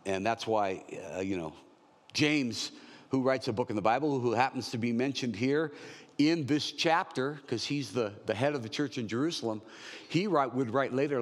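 A man's voice: mid-range voice, moderate pace, big-room sound. A man in his sixties preaching a verse-by-verse sermon in a conversational, joking way. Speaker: pastor.

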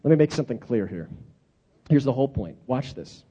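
A man's voice: medium pitch, a little fast, slightly rough. A man preaching a sermon, telling stories with dramatic repetition. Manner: animated storytelling with dramatic repetition. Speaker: pastor. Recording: dull lo-fi recording.

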